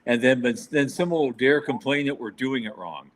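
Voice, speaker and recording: A man's voice: mid-range voice, moderate pace, crowd noise. Wry man co-hosting a podcast. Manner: wry, sarcastic asides. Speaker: podcast co-host. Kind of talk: casual chat on space industry news.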